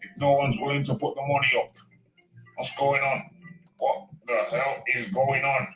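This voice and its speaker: A man's voice: medium pitch, drawn-out words. A man doing an impression of a blunt older northern English boxing father who rants in indignant questions. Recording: roomy echo, faint music.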